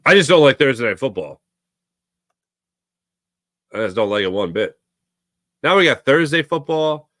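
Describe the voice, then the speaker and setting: A man's voice: mid-range voice, lively intonation, moderate pace, pauses often, bright, forceful tone, no room sound, studio quality. A young man hosting a live sports talk stream, rambling and reading viewers' comments aloud. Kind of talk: casual live-stream chat.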